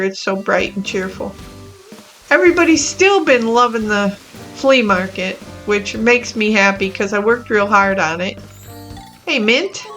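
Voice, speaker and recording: A woman hosting her own gaming channel, talking through a cozy life-sim game in a gentle, chatty and easily amused way. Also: medium pitch. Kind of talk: casual gameplay commentary.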